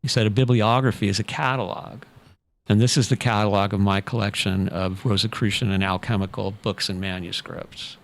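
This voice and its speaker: Gravelly, low-pitched man as a podcast guest, telling his story casually. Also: brisk, a little hiss or hum. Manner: relaxed anecdotal, many fillers.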